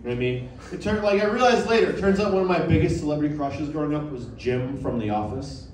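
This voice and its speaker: A man's voice: a little high, lively intonation. A young man performing a stand-up set in a small club, self-mocking and bantering with the crowd. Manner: playful, self-mocking, quick asides to the crowd. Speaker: stand-up comedian. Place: small comedy club with a live audience. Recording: roomy club sound, mic heard from a distance, audience noise.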